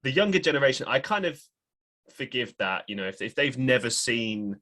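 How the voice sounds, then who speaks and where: A man's voice: mid-range voice, sing-song, fairly quick, sharp tone. A young man hosting a podcast, rambling and correcting himself often in casual talk. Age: young adult. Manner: rambling, frequent self-corrections and hedges. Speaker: podcast host. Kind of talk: casual chat.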